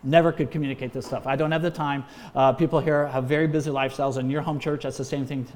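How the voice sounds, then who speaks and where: A man's voice: mid-range voice, flat delivery, quick pace, a little mellow. A man, a former missions pastor, giving an emphatic training talk full of exhortation and frequent "uh"s.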